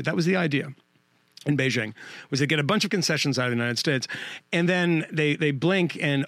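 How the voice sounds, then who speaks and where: Podcast co-host, man, gravelly and a touch high, emphatic and sardonic, dry close mic. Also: animated, a little fast, fairly bright tone, no echo. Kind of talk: casual political chat.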